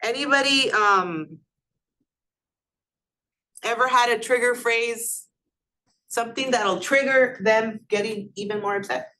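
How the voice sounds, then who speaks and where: A woman's voice: on the high side, slow pace, long pauses, pushed and bright. A woman instructor giving a classroom lecture in a conversational way, often putting questions to her students.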